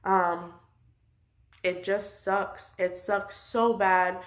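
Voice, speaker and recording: A woman's voice: mid-range voice, flat delivery, extremely slow. A woman close to tears, venting her frustration in a personal vlog from her couch at home. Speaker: vlogger.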